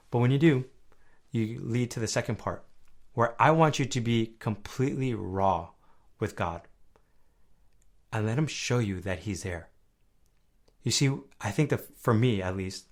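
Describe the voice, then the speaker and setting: A young man hosting a faith podcast, talking earnestly and conversationally, dropping soft and low at times and then rising loud and high when stirred. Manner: earnest, conversational, often asks "right?". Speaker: podcast host. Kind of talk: faith-based personal podcast talk.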